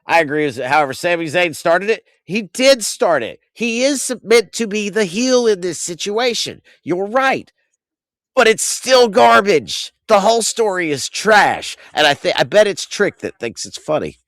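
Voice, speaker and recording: Animated ranting man, dry close mic. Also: normal speed, no echo. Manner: animated ranting, swings loud and high when outraged; profane, exasperated. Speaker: podcast host. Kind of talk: casual wrestling recap.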